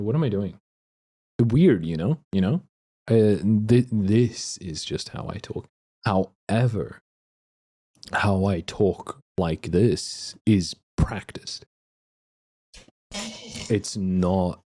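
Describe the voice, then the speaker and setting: A man's voice: low-pitched, dark tone. A young man from Australia chatting loosely on a live stream, reading and answering viewer messages with a rambling, laughing manner. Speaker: livestreamer reading chat. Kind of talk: casual live-stream chat.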